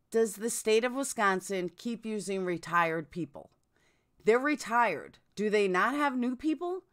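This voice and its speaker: A woman's voice: mid-range voice, a bit bright. A woman hosting a casual live stream, chatting and answering viewers' comments. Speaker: true crime live streamer.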